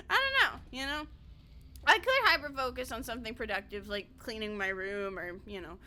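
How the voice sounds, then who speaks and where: A woman's voice: fairly high pitch, expressive, normal speed, pushed and bright, a little hiss or hum. A woman VTuber streamer chatting casually while gaming, rambling, laughing a lot and swearing freely.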